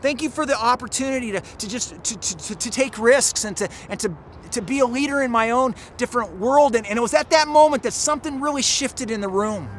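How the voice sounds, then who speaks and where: A middle-aged male pastor telling a personal story in a sermon, earnest and halting, with many restarts. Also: very high voice, a little hiss or hum.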